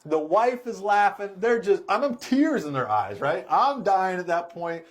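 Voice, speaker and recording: A middle-aged man, a car sales trainer, telling a story in a casual, animated way and laughing as he goes. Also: high voice, measured pace.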